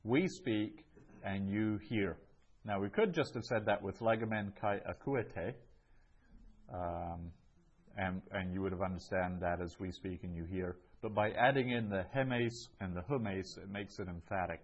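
A man's voice: low-pitched, moderate pace, slightly rough, muffled recording. A man teaching a language lesson, patiently repeating each phrase and explaining it step by step. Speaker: Greek teacher. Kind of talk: classroom lesson.

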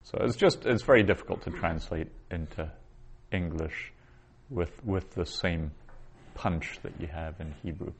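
A man teaching a recorded Biblical Hebrew grammar lesson, explaining patiently and reading phrases aloud slowly. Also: deep voice, a little hiss or hum.

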